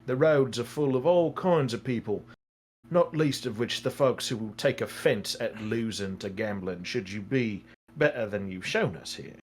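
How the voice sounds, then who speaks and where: A man voicing a calm, worldly adventurer who gives courteous, measured advice. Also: medium pitch, lightly acted. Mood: advising. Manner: measured, courteous, gently lecturing.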